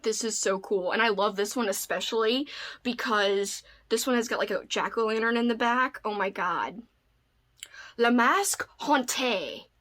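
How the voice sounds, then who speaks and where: A woman's voice: mid-range voice, normal speed, a bit bright. A young woman book vlogger unboxing mail in casual chat, gushing and squealing with delight, saying "like" and "oh my god" often.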